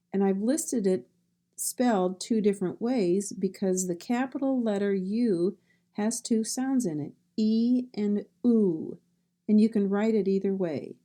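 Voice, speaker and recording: Slow, warm-toned woman, pronunciation teacher, repeats each word carefully. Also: mid-range voice. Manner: repeats each word twice, stressing sounds clearly. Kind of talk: slow, deliberate pronunciation lesson.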